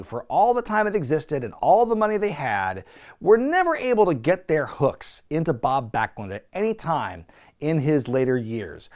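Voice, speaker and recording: A man hosting a casual wrestling review, sarcastic and profane, laughing often. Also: high voice.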